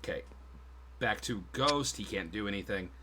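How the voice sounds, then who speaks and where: A man's voice: lowish voice, lively intonation, normal speed, noisy background. A man running a tabletop game as game master, casual and swearing, with frequent laughs. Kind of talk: narrating a tabletop game on stream.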